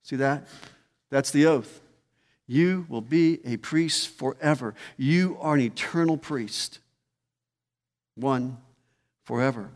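A man preaching an expository sermon, emphatic, repeating key phrases and slowing down for weight. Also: mid-range voice. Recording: long hall reverb.

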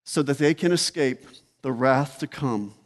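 A man preaching an expository sermon, emphatic, repeating key phrases and slowing down for weight. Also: medium pitch. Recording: long hall reverb.

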